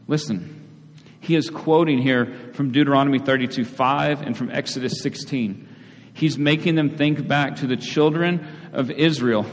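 Man, pastor, chatty sermon delivery, slightly raised pitch, long church-hall echo. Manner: conversational, repeats words, frequent "right?" asides.

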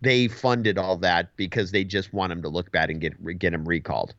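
A man's voice: low voice, steady tone, moderate pace, a bit bright. A man in casual podcast chat, talking in an easy, agreeable, rambling way. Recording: dull, dry lo-fi audio.

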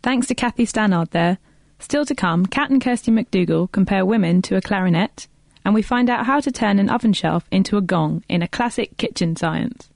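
A woman presenter reads scripted links for a radio science show in a smooth, even way. Her voice has a gravelly edge and sounds dry and close. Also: medium pitch, moderate pace, no room sound.

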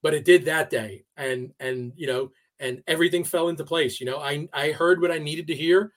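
A man with a fairly high voice tells a long personal story in a relaxed interview. He talks in a halting way, with frequent restarts and fillers as he gathers his thoughts. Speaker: podcast guest. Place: New York area.

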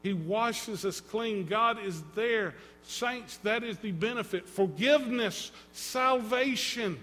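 A man preaching a sermon as pastor, dramatic, swinging between loud and hushed and acting out quotes. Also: high voice, slow pace. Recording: long reverb in a hall.

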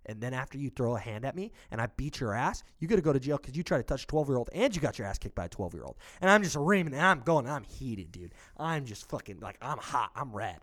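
Animated storytelling man, swearing freely. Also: medium pitch, fast talker, few pauses. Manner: animated, swearing, acts out quotes of others. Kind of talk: casual storytelling chat.

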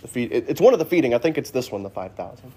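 A man's voice: medium pitch, animated, racing, mellow, slightly rough. A man teaching a casual Sunday Bible class in a church classroom, joking and asking the class questions.

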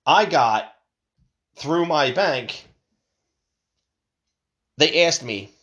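A man's voice: fairly high pitch, extremely slow, pauses often, lo-fi sound. A man telling a rambling story in a casual rant, swearing freely and restarting sentences as he goes. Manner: animated, profane, rambling storytelling. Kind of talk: casual ranting monologue.

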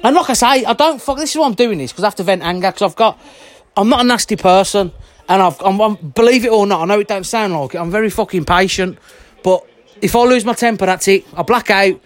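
This vlogger's angry rant comes fast, in a medium-pitched voice. Worked up and sweating, the speaker keeps it blunt and heated, swearing nonstop.

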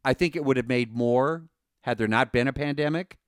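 A man co-hosting a podcast, talking casually and excitedly with many fillers and restarts. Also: medium pitch, fairly quick, dry recording, clean studio sound. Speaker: podcast co-host.

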